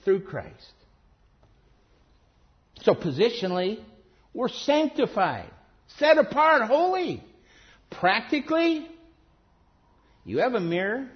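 Man, preacher, sermon, high voice, unhurried, dull lo-fi recording. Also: sing-song. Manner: emphatic, rising to stress then dropping low and quiet.

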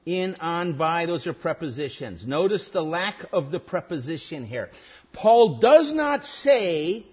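Emphatic high-voiced male preacher, slow. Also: sing-song, breathy edge. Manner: deliberate, emphatic, dwells on single words. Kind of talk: expository sermon. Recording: dull lo-fi sermon recording.

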